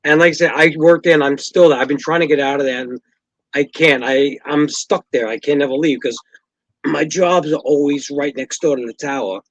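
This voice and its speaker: A man's voice: a little high, steady tone, no room sound, dull audio. Earnest man on a dry mic. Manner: earnest, heartfelt, slightly halting. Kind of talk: casual podcast chat.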